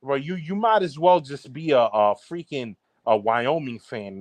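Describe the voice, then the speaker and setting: A man's voice: mid-range voice, lively intonation, unhurried, no echo. A young man from Baltimore, a podcast co-host, trash-talking in heated sports banter with a brash, mocking manner. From Baltimore, Maryland.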